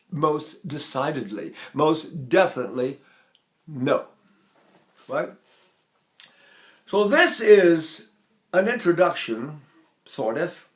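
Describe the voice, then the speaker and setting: An older man teaching vocal technique in a lecture, talking in an animated, demonstrative way and breaking into sung examples. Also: a little high.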